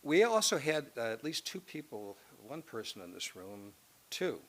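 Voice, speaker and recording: A man's voice: mid-range voice, sing-song, normal speed, a bit bright. A male law professor giving a lecture to a room, reading from a court opinion and breaking off into asides full of hesitations and restarts.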